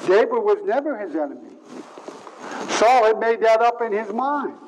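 A man's voice: high voice, expressive, normal speed, rough recording. A man preaching a sermon in an earnest way, stressing and repeating key words, with faint hiss behind.

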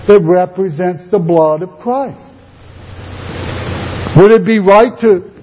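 A man preaching a sermon, measured and emphatic, who keeps asking rhetorical questions and repeats phrases to drive his point home. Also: high voice, a little mellow, lo-fi sound.

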